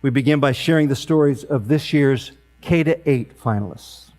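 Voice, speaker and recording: A man in his sixties, emceeing an awards event, telling a funny family story in a deadpan way with sharp comic timing. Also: medium pitch, moderate pace, faint music behind.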